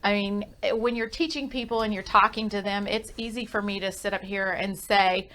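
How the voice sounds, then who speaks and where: A woman's voice: mid-range voice, fairly even intonation, moderate pace, pushed and bright. A woman hosting a radio talk show in a studio, chatting in an upbeat, frank way and laughing easily. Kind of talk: casual radio chat.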